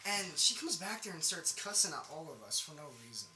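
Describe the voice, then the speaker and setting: A man's voice: a little high, very animated, fairly quick, background noise. A young man co-hosting a podcast, telling a profane, rambling story among friends with frequent laughter. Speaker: podcast co-host. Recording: echoey room with chatter behind.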